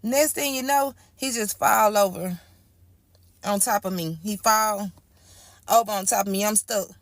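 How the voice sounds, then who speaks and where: A woman's voice: mid-range voice, unhurried, dry recording. A woman telling her own story in casual storytime style, chatty and repetitive, talking straight to her listeners. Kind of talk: casual first-person storytime.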